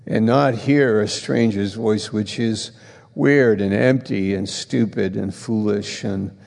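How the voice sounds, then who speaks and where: A man preaching a sermon in a slow, earnest way, rising in pitch for emphasis, and leading a prayer. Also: steady tone, creaky, darkish tone, in a large hall.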